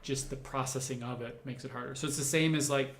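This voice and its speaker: Hosting a livestream Q&A, a man who is a doctor reads out comments from viewers and explains his answers in a conversational way, reasoning aloud. He talks fast in a steady, mid-range voice with vocal fry, and the sound is reverberant.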